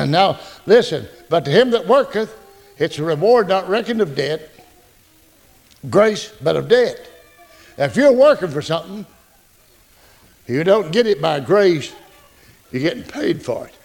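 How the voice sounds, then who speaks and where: Man, pastor preaching, folksy jokes, very lively swooping voice. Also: fairly high pitch. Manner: folksy, joking, animated preaching. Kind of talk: sermon.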